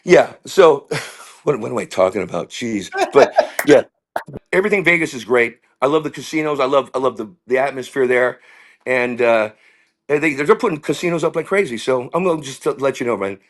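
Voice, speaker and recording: A middle-aged man, a comedian, telling rambling stories in an animated way and dropping into voices. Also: medium pitch, normal speed. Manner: rambling, jumps into impressions and character voices. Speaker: comedian guest.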